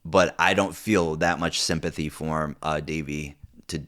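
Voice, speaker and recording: A young man with a very deep, low-pitched voice talks through his opinions on a TV series. He rambles casually, swears a lot, and keeps restarting his sentences with ums and uhs. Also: fairly even intonation, normal speed, a bit bright. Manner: rambling, profane, many fillers and restarts. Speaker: TV show reviewer. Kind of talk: casual unscripted commentary.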